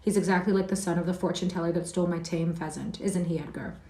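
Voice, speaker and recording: Woman reader as a prissy, lisping little girl; quiet, roomy. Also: lowish voice, fairly even intonation, fast, natural voice. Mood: petulant. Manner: lisping, petulant. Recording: roomy sound from a distant mic.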